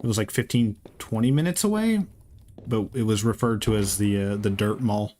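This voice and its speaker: A man's voice: fairly low pitch, normal speed, darkish tone, a little hiss or hum. Rambling, foul-mouthed male game streamer. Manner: rambling, profane, joking. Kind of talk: casual chat with live chat while playing.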